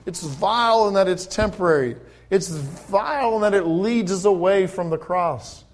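Man preaching, high voice, reads verses slowly and emphatically. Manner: rises to loud, slow, emphatic preaching when reading scripture; conversational asides between quoted verses. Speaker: pastor. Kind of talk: sermon with scripture reading.

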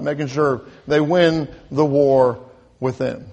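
A man's voice: a little high, normal speed, a little mellow. A man preaching a sermon, asking his listeners questions and building to emphatic peaks, with frequent restarts and repeated words. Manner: rising to emphatic crescendos, asks the congregation questions.

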